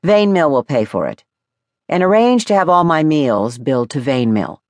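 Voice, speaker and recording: A woman's voice: low-pitched, very animated, moderate pace, darkish tone, no room sound. Woman doing a blunt guy detective, short matter-of-fact lines, dry close mic. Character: blunt, reserved male detective investigating a murder. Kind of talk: audiobook character voice.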